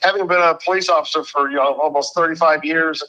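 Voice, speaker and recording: A man in his fifties, a retired police officer, talking earnestly on a video call, halting and restarting his sentences often. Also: on the high side, fairly even intonation, bright, forceful tone, low-quality recording. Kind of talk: casual talk show conversation.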